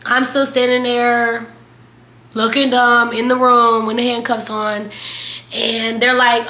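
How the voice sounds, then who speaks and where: Young woman vlogging a crazy storytime, bright sharp voice, roomy echo. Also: fairly high pitch, slow. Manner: animated, dramatic storytelling with quoted voices. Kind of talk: storytime vlog.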